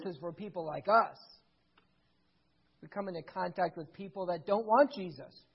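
A pastor delivers a sermon with a breathy, husky voice. The delivery swings between quiet, intimate lines and loud, emphatic peaks. The recording sounds a little dull and lo-fi. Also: mid-range voice, normal speed. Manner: dramatic, swings from hushed to loud.

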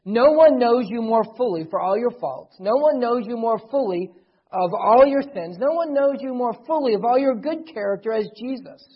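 A middle-aged man preaching a sermon as pastor, earnestly, swelling loud and then dropping soft. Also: very high-pitched, animated, moderate pace, breathy edge. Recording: dull lo-fi recording.

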